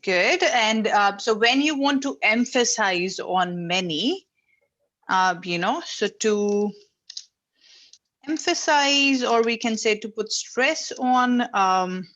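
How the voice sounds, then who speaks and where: A woman's voice: a little high, animated, slow pace, a bit bright. A woman teaching an English class over a video call, explaining patiently step by step with frequent fillers. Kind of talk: online class instruction.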